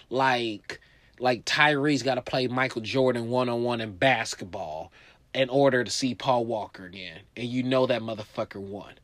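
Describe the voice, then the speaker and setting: A man hosting a show, telling a profane story with lively voices, shouting high when he acts out scenes, and turning calm and reflective later. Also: unhurried, no room sound. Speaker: comedian host. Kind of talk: stand-up storytelling.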